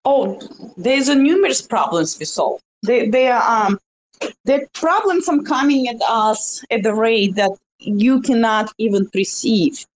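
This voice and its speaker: A woman playing a shady startup founder with a put-on Russian accent, rambling and halting through an overblown pitch. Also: animated, rough recording. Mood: smug. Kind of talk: improvised comedy role-play in a live audio chat.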